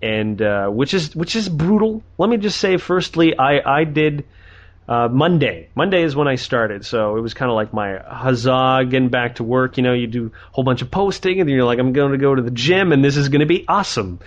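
A man hosting a podcast in casual chat over an internet voice call, chatty and joking with quick asides. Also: mid-range voice, expressive. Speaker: podcast host. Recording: muffled internet call audio.

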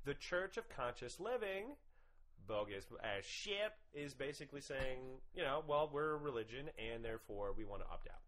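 A man's voice: medium pitch, normal speed, poor audio. A man hosting a podcast, talking casually with lots of swearing and rants. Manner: animated, profane, ranting. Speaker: podcast host.

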